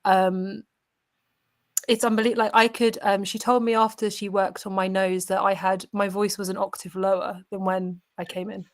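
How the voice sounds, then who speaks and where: A woman's voice: mid-range voice, little pitch movement, moderate pace. Hesitant young mother on a call. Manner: hesitant, many fillers and restarts. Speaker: guest. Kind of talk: casual chat.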